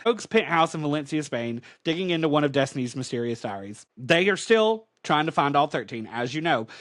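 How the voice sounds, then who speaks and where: A man's voice: medium pitch, fairly bright tone, no echo, studio quality. A man co-hosting a podcast, giving a chatty, emphatic comic book recap full of "like". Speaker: podcast co-host.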